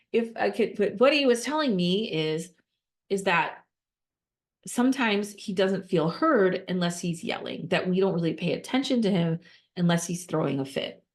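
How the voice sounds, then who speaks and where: A woman giving conversational podcast advice as a nonprofit fundraising consultant, emphatic and repetitive, with quick restarts and rhetorical questions. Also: medium pitch, expressive.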